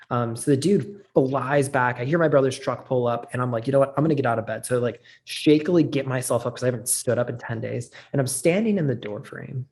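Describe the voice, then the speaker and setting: Gravelly-voiced man telling a personal story. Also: mid-range voice, a little mellow. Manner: earnest, candid, with frequent "like" fillers. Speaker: podcast guest. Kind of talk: personal storytelling in a casual interview.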